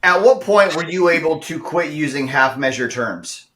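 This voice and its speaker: A man's voice: a little high, expressive, sharp tone. A man hosting a casual podcast, blunt and profane, speaking with confidence. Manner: blunt, profane, quick to agree. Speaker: podcast host. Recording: echoey room.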